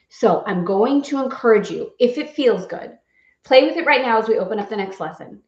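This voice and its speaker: Her voice is fairly high and brisk with lively intonation, captured in an echoey room on a muffled recording. She's a spiritual course guide running a live guided affirmation session, effusive and playful, frequently laughing as she leads breathing and affirmations.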